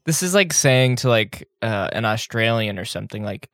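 A man co-hosting a podcast, giggly and animated as he tells jokes. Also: on the low side, moderate pace, no echo, clean studio sound. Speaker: podcast co-host. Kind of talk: casual chat and playful role-play.

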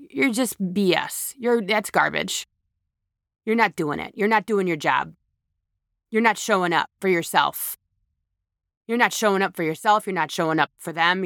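A woman's voice: fairly low pitch, dry recording, clean studio sound. A woman giving blunt, emphatic advice in a candid monologue, repeating phrases for emphasis and using slang. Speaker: speaker giving life advice.

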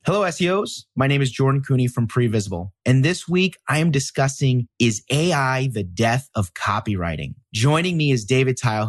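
A man's voice: medium pitch, no room sound. A man hosting a podcast in casual chat, upfront and joking as he talks. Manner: upfront, joking, quick-talking. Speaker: podcast host.

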